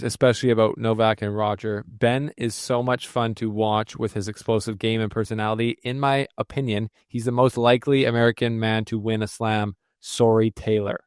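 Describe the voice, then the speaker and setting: Man, podcast co-host, smooth voice, dry sound, casual hype, chatty. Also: on the low side, darkish tone, dry recording. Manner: upbeat, hype-driven, chatty with restarts.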